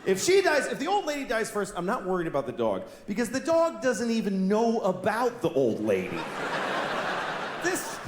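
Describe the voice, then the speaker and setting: A man's voice: high voice, huge pitch swings, normal speed. A middle-aged man doing stand-up comedy in an exasperated, blunt way on a club stage. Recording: roomy club with crowd noise.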